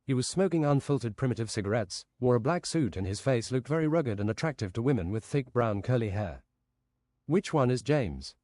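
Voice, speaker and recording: A man's voice: medium pitch, expressive, quick pace, hardly any pauses, dark tone, no echo, clean studio sound. A man streaming a game while improvising a rambling, absurd fantasy story.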